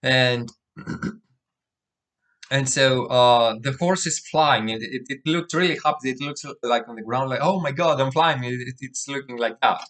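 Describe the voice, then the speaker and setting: Halting man recapping a chapter. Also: medium pitch, fairly bright tone. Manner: halting, many fillers and restarts, clears throat. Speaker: manga chapter recap host. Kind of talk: casual spoken recap with read-out dialogue.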